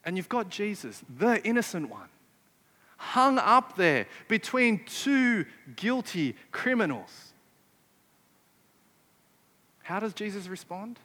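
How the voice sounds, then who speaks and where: High-voiced preacher in a reverberant hall. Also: male voice, very animated, unhurried, sharp tone. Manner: emphatic, asks the listeners rhetorical questions. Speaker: pastor. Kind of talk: sermon.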